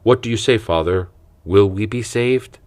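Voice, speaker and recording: A man's voice: on the low side, moderate pace, darkish tone, pitched above the performer's own voice, close to an everyday voice. A man voicing an old monk who pleads and laments for salvation. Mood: anxious. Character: old male monk, anguished, begging for salvation.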